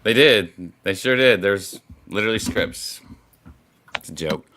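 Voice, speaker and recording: Man, very low voice, bright and forceful tone, playful, teasing, sports panel, remote call mic. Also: animated, a little slow, a little hiss or hum. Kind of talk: casual sports talk.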